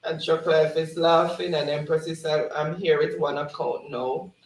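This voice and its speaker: A gravelly, fairly high-voiced man reads viewer comments aloud on a livestream. He laughs often as he goes. He sounds set back from the mic in an echoey room. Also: steady tone, moderate pace, far from the mic. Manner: laughs often while reading. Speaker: livestream host. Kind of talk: casual chat reading out live comments.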